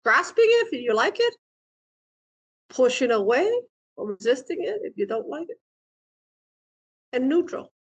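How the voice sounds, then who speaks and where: A woman's voice: high voice, big pitch swings, a little slow, long pauses, breathy edge, lo-fi sound. A woman giving a dharma talk, playful, laughing often and asking questions of her listeners. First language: Vietnamese. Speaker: meditation teacher and therapist.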